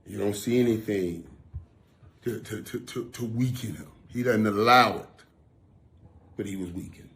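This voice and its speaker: A man's voice: lowish voice, measured pace, pauses often, fairly bright tone. A former football player talking casually and from the heart. He often repeats phrases to stress them. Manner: emphatic, repeats phrases for weight.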